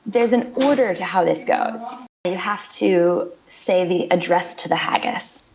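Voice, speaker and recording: On the low side and a little slow, this woman's voice comes through a dull lo-fi recording with a bit of hiss or hum. She is a podcast guest in a casual interview, explaining in a chatty way with frequent repeats.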